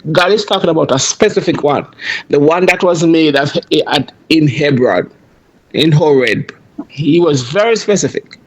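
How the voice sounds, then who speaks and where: A man joins a casual group Bible discussion, thinking aloud and often stopping to correct himself. His voice is a little high. He sounds like an ordinary participant. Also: animated, moderate pace.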